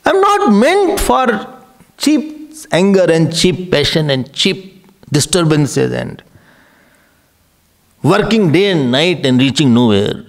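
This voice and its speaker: Man, spiritual talk, lively sweeping pitch, gravelly, rhetorical questions, chuckles. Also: slow pace, long pauses. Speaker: spiritual teacher. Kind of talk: spiritual discourse to an audience.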